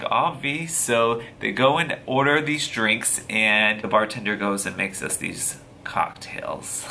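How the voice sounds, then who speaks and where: A man vlogger casually retelling a story to camera, profane and animated, full of slang. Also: medium pitch, slight background noise.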